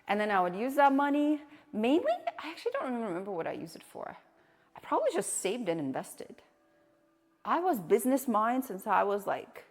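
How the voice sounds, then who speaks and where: A woman's voice: mid-range voice, long reverb tail. A young adult woman streaming and chatting casually with viewers, telling blunt stories with plenty of swearing. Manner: blunt, swears freely, storytelling.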